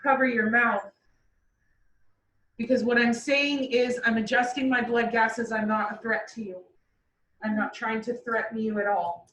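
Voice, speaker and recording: A woman chatting casually and explaining animal behavior, acting out the animals' thoughts in lively asides. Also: on the high side, measured pace. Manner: lively, acts out animals' inner voices. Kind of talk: casual chat. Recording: roomy echo, far from the mic, faint background noise.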